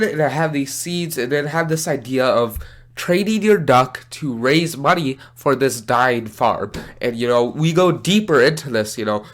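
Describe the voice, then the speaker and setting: A man's voice: medium pitch, fairly bright tone. A young man, sick with a nasal voice, hosting a casual gaming video and rambling with many fillers and restarts. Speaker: gaming channel host.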